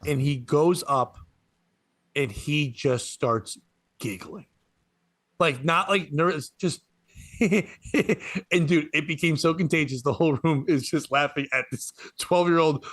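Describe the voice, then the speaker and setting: A man in his forties with a notably high voice tells a story on a podcast, growing excited and laughing through his own lines. The sound is close and dry, with no room around him. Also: no room sound. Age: 40s. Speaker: comedian guest.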